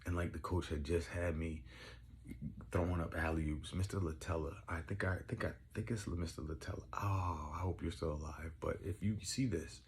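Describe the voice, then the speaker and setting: A young man telling rambling, profane stories in casual chat, getting excitable as he goes. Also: sits low, moderate pace, slight background noise. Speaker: podcast host. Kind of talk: casual storytelling.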